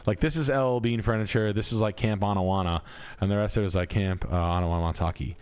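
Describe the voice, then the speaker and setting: This is a man with a fairly low voice doing live-stream commentary. He tosses out crude, profane jokes as he reviews house listings, and his talk is loose, mocking and off the cuff. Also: fairly even intonation, quick pace, a little mellow, smooth. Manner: crude, joking, profane riffing. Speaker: realtor reviewing house listings, show host.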